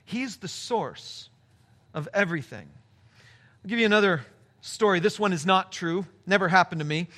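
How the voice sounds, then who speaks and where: Brief: male pastor, high and bright voice, emphatic storyteller. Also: expressive, normal speed. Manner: storytelling, emphatic, shifting pace. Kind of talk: sermon.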